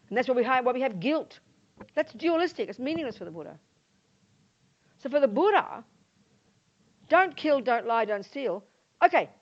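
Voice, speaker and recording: An older woman with an Australian accent, a Buddhist nun giving a lively dharma talk to a live audience and acting out the voices she quotes. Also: on the high side. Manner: animated, acts out quoted voices. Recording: muffled lo-fi talk recording.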